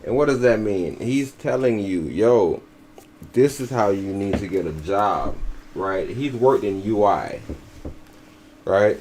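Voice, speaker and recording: A man's voice: fairly low pitch, animated, slow pace, darkish tone, slight background noise. A man giving blunt, profane, mocking commentary as a podcast co-host. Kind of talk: casual commentary.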